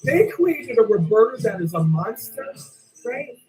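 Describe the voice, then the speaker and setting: A woman's voice: a little high, very animated, unhurried, darkish tone, faint music behind, poor audio. A woman ranting in blunt, repetitive commentary, often asking "right?" and swearing casually. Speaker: commentary vlogger.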